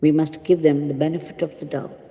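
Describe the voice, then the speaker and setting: A woman spiritual teacher telling a moral story in a calm, measured sermon. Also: sits low, in a large hall, rough recording. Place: ashram hall.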